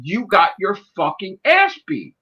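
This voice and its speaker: A podcast co-host in his forties, his voice sitting high and unhurried, tells heated, profanity-laced stories in a casual chat. He's an animated storyteller, though the audio is dull.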